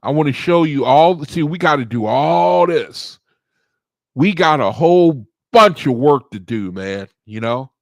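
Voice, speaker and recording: A man hosts a study group livestream from his computer, slow and unhurried, his fairly high voice swinging up and down. He chats with viewers, repeating his questions. The sound is dry and close. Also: expressive, no echo. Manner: repeats phrases, asks the chat questions. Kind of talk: casual livestream talk with chat.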